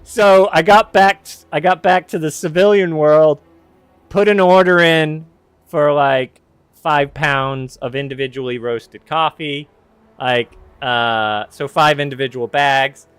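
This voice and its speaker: A man's voice: fairly high pitch, steady tone, takes it slowly, fairly bright tone, clear, resonant tone, no room sound. A man casually telling a personal story on his podcast, rambling and correcting himself with wry candor.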